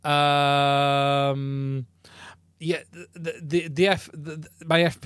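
Speaking very slowly with little pitch movement, this podcast host has a fairly bright, clean voice on the high side. He chats rambling and casual on a live stream, full of fillers and restarts. His podcast mic feeds a mixing console, and there is no echo.

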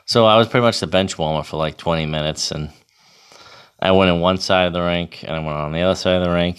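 A man in his thirties telling a casual, profane, animated story about himself. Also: low-pitched, fast, clear, resonant tone. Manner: profane, animated, self-mocking.

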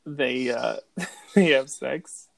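Male co-host with a gravelly edge, loose laughing banter, dry mic. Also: medium pitch, very slow, no echo. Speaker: podcast co-host. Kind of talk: casual chat.

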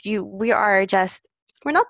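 A young woman in casual podcast chat, animated and rambling as she tells stories. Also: mid-range voice, a little slow, no room sound, studio quality. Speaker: podcast co-host.

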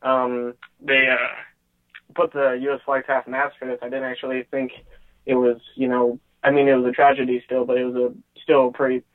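Hesitant male caller on a tinny phone line. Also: mid-range voice. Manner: hesitant, many fillers, laughs often. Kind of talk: casual call-in chat.

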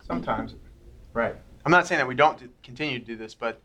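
A man's voice: mid-range voice, fast, sharp tone. A man giving an informal, earnest teaching talk to a small church group, laying out ideas step by step in a conversational way.

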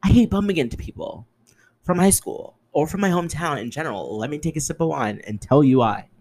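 A young man hosting a solo podcast, ranting in an exasperated, sarcastic way and swearing freely, jumping between loud outbursts and muttered asides. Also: fairly high pitch, lively intonation, fairly quick. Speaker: podcast host.

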